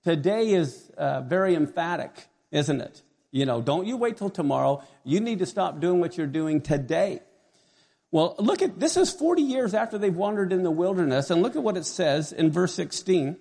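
A middle-aged man preaching a sermon as pastor, animated and conversational, often asking his congregation questions. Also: high-pitched, moderate pace, vocal fry.

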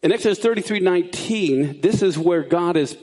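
Animated, high-pitched gravelly male preacher. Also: brisk. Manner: animated, swings high for emphasis. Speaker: Bible teacher. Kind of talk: sermon teaching.

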